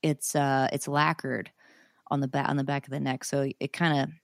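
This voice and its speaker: A woman's voice: rumbling low, flat delivery, normal speed, vocal fry, dry recording, clean studio sound. A young woman, a singer-songwriter guest, chatting casually and enthusiastically with lots of fillers. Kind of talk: casual interview chat.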